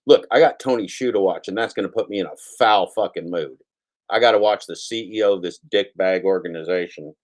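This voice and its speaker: A man talks loosely into his livestream, swearing freely and circling back over the same lines with self-mocking humor. His voice sits a little low. The talk is casual and unscripted, from a home computer setup. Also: a little fast. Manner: profane, self-mocking, rambling with repetitions. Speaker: livestream host.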